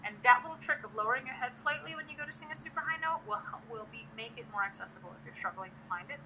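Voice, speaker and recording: Woman teaching singing on a live stream, bright higher voice, chatty, little bit of hiss behind. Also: animated, fast, poor audio. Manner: chatty, demonstrates sounds while explaining.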